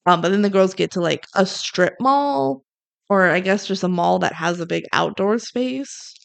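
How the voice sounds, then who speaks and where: Young female podcast co-host, fry-heavy voice, casual movie recapper who quotes the characters. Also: medium pitch, expressive. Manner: retells scenes with quick acted-out quotes.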